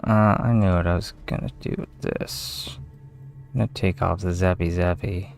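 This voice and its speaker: A young man with a low voice mutters casual commentary over his gameplay, swearing readily and quick to irritation. Faint music plays behind him. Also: steady tone, creaky. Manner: mutters to himself, swears often, easily aggravated. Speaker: gamer streamer.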